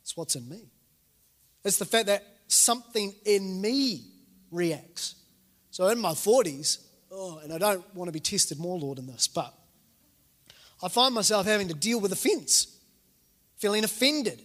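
A man's voice: sits high, unhurried, pauses often. A man, preaching a sermon as a pastor and acting out the voices in the stories he tells. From New Zealand. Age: 40s. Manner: animated storytelling, acting out quoted voices. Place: church hall. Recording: reverberant church hall.

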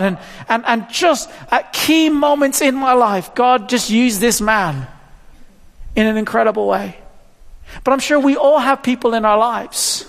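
A man's voice: very high voice, moderate pace, gravelly, a bit bright. A man in his fifties preaching a sermon in a church hall, chatty and self-deprecating, often stumbling and repeating words. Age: 50s. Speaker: pastor. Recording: long hall reverb.

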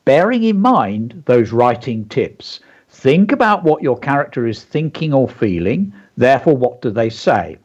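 Husky guy teaching kids story writing on the radio, goes through his example bit by bit, kinda muffled audio. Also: medium pitch, a little mellow. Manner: walks through a story example step by step, reading lines aloud. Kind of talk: explaining creative writing to children on radio. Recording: dull lo-fi broadcast audio.

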